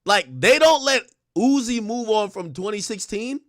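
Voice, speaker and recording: A man giving casual, animated commentary on a stream, laughing often and mocking fans in exaggerated voices. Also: high voice, normal speed, no echo, clean studio sound. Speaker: stream co-host. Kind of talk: casual commentary on music and rappers.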